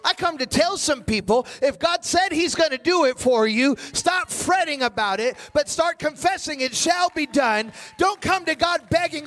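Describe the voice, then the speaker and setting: A man preaching in an animated storytelling style with a high voice. His pitch swings widely as he acts out each exchange. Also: normal speed, hardly any pauses, some chatter behind. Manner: animated, acting out dialogue. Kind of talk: sermon storytelling.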